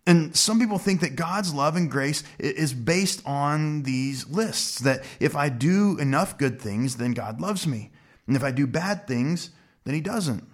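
A man preaching a sermon in an earnest, emphatic way, slowing down to stress key words. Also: medium pitch. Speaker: pastor.

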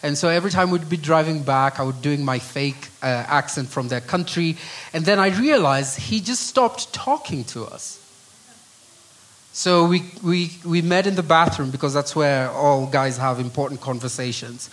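A middle-aged Kenyan man preaching a sermon with an earnest delivery, often dropping to a hushed voice on key phrases. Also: fairly high pitch, normal speed, low-quality recording. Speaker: pastor.

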